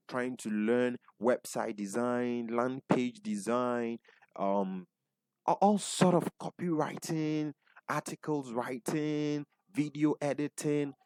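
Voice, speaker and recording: He has a medium-pitched, darkish voice with no echo. Teaching a webinar online as a business coach, this Ghanaian-accented man circles back over his points, asks listeners questions, and regularly tacks on "right?".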